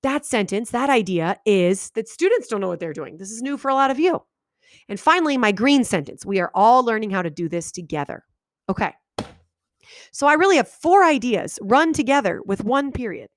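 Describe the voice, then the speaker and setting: A woman teacher giving a video lesson to her students, talking animatedly and reading example sentences aloud with big exaggerated pauses. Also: on the high side, animated, dry recording, clean studio sound. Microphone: webcam microphone.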